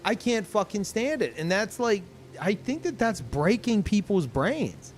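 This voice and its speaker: A young man streaming games, tired and low on energy, rambling in casual chat with lots of swearing, ums and restarts. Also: slight background noise. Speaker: game streamer.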